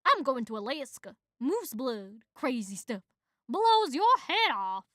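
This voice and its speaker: A woman voicing a pushy male mosquito, loud and brash, in a casual script read-through. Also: sits high, big pitch swings, slow pace, dry recording, studio quality, full character voice. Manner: brash, shouting.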